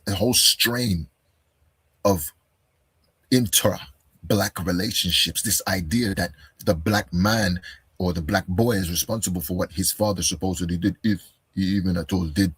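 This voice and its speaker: A deep-voiced man with a heavily husky, raspy tone delivers a combative reaction commentary. He keeps pressing with rhetorical questions. The sound is close and dry. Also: a bit bright, no room sound. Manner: combative, fires rhetorical questions, calls listener "bro". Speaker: commentator responding to a video.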